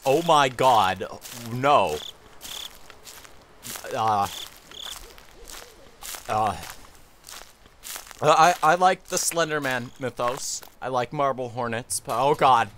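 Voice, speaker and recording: A man's voice: medium pitch, animated, takes it slowly, pauses often. A man giving let's play commentary on a horror game, jumpy and nervous, blurting out exclamations and curses. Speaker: gamer playing a horror game. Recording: loud background noise.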